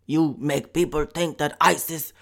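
A man's voice: a little high, fairly even intonation, measured pace, creaky, fairly bright tone. Irish man putting on a stern extremist. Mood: scolding. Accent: put-on German. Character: stern male extremist scolding about clothes.

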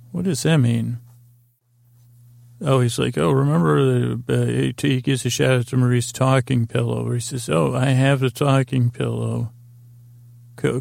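Very gravelly, flat-voiced man rambling. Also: medium pitch, no echo. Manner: meandering, full of fillers and restarts; retells scenes by paraphrasing characters. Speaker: podcast host. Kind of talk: rambling episode recap for sleep.

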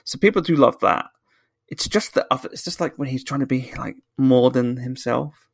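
Here a UK podcast co-host, a man, is ranting and cursing in an easygoing chat, restarting lines as he corrects himself. His voice sits mid-range with vocal fry and moves at a moderate pace. No echo is audible.

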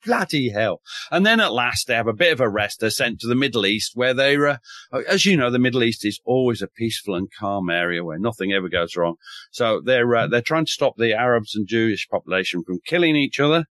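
A man from the north of England, a military historian telling war stories as a podcast guest in a wry, animated way, swearing casually and restarting often. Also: medium pitch, brisk, no room sound. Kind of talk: enthusiastic podcast storytelling.

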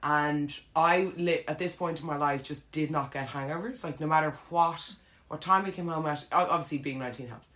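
An Irish woman telling a funny story in casual chat, animated, with frequent laughs and lots of fillers. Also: sits low, a little fast.

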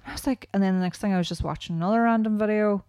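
A woman's voice: medium pitch, racing, dark tone, no echo. A woman in her thirties with a rural Irish accent, co-hosting a podcast and telling stories in a chatty, casual way. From Ireland. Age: 30s. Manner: chatty, storytelling with lots of "like" and "right?". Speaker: podcast co-host. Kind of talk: casual chat.

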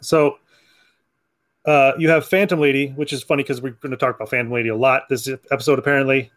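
A man's voice: medium pitch, fairly even intonation, fast talker, fairly bright tone. A man hosting a comic book podcast, chatting casually, laughing often and acting out lines from comics. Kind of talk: casual chat.

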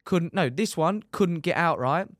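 A young man, a motorcycle racer telling his injury story on a podcast in lively, casual talk, swearing and dropping "mate" often. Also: a little high, unhurried, dry recording, studio quality.

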